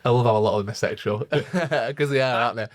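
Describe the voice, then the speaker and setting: A man's voice: medium pitch, quick pace, no echo, clean studio sound. A young man co-hosting a podcast, telling a parenting story in an earnest, reflective way with lots of fillers. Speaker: podcast co-host. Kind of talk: casual chat.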